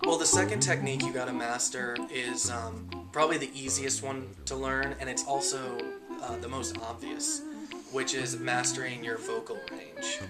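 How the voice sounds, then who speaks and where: A man explaining how he does voice impressions in a documentary narration, relaxed and full of pauses. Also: medium pitch. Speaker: amateur impressionist. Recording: documentary draft with music behind.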